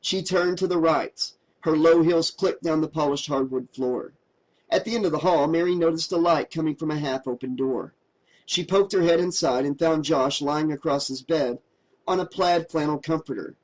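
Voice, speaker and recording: A man narrating a horror audiobook in a steady, dramatic storytelling voice. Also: fairly high pitch, normal speed, rough recording.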